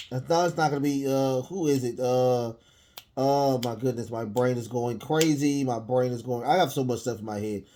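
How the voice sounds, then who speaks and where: A man's voice: mid-range voice, mellow. A man casually reviewing a wrestling show in one take, rambling with lots of fillers and restarts. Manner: rambling, many fillers and restarts, chuckles at himself.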